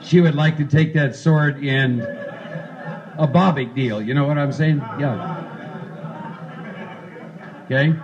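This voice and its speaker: A man's voice: fairly high pitch, takes it slowly, pauses often, lo-fi sound, a crowd in the background. A man leading a recovery workshop, talking casually and coaching volunteers through a role-play. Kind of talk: interactive recovery workshop talk.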